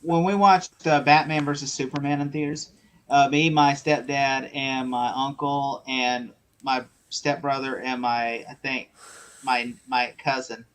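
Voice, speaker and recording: A man's voice: medium pitch, flat delivery, a little slow, a bit bright, clean tone. A young man hosting a casual movie chat, telling rambling stories and laughing as he acts out what people said. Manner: rambling, laughing storyteller who acts out voices. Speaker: host.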